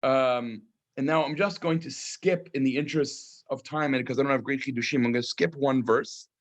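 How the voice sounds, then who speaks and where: Guy teaching scripture study, reads hebrew then explains, lots of ums, mid pitch. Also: steady tone, normal speed. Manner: thoughtful, frequent ums, reads Hebrew verses then translates. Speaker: teacher of a text study class. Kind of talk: online text study lecture.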